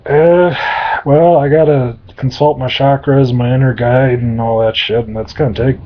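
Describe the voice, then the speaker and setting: A man's voice: mid-range voice, fairly even intonation, moderate pace, natural voice. A man doing a vague, shrugging little demigod. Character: easygoing little male shapeshifting demigod. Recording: dull lo-fi recording.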